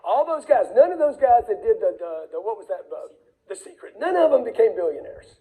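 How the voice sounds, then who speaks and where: Man, higher pitch, mellow tone; blunt motivational speaker who hammers warnings and acts out dialogue. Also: very animated, a little fast, low-quality recording. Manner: emphatic, blunt, repeats warnings; acts out dialogue in quoted voices. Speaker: speaker on wealth. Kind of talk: motivational talk.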